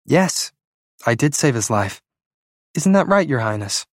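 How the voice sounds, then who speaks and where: Guy doing a sharp-tongued young woman, cool and defiant, pitched up, dry close sound. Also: moderate pace, dry recording, natural voice. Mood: challenging. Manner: raised pitch, cool and challenging.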